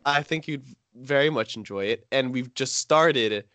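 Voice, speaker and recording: A young man co-hosting a casual podcast chat, an animated storyteller who laughs often. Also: medium pitch, unhurried, dry recording. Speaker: podcast co-host.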